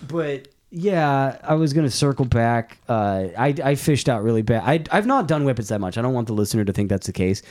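A man's voice: medium pitch, lively intonation, brisk, few pauses, darkish tone. A man hosting a podcast in casual chat, telling rambling, self-mocking stories in a laid-back way. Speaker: podcast host.

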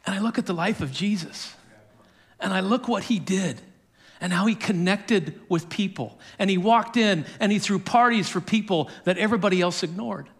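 High-voiced guy preaching, telling a story and doing the quotes with little chuckles. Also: normal speed. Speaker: pastor. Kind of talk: sermon.

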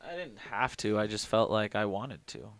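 A man in his thirties co-hosting a podcast, telling crude stories in a dry, deadpan way and swearing casually. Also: on the low side, moderate pace. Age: 30s. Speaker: podcast co-host.

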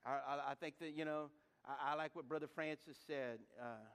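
Brief: middle-aged man, high-pitched pastor, folksy humorous sermon, questions the crowd. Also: moderate pace. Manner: lively, humorous, rhetorical questions to the congregation; repeats words and restarts while building stories. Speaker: preacher. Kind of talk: sermon with storytelling.

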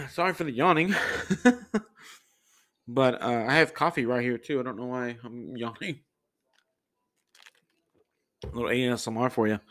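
Man, thirties, solo podcast host, rambling casual chat, smooth clear voice. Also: medium pitch, fairly bright tone. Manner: rambling, loose and conversational, many fillers.

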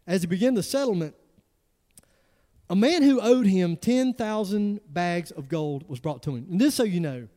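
A male pastor, preaching an animated, emphatic sermon full of rhetorical questions. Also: high-pitched. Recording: long hall reverb.

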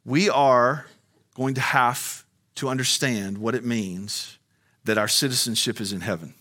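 A man's voice: medium pitch, measured pace, bright, forceful tone. A man preaching a sermon, moving from a conversational tone to fiery, soaring emphasis. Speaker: pastor.

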